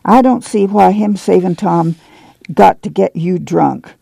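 A man reading the part of a steady farm mother, plain and matter-of-fact in her speech. The voice stays gravelly and warm, close and dry. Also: sits high, measured pace, no echo, heavily acted. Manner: matter-of-fact, soft-spoken.

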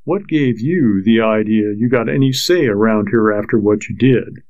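A man reading a novel aloud, voicing a drunken husband whose slow, fuzzy speech turns shaky with fury. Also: fairly low pitch, dry recording, lo-fi sound, natural voice. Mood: furious. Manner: slurred and slow, then shaking with fury. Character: drunken, violent frontier husband, grown man. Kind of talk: audiobook character voice.

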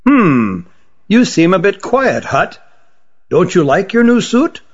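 A man's voice: high voice, very animated, slow, pitched above the performer's own voice, full character voice. Stern old magician, raised and scolding, dull recording as a male narrator puts him on. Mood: inquiring. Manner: scolding, indignant.

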